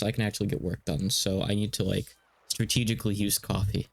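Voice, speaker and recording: A man's voice: fairly low pitch, quick pace, creaky. A man streaming a game, chatting in a casual, rambling way that slightly stutters. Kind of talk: casual let's-play commentary.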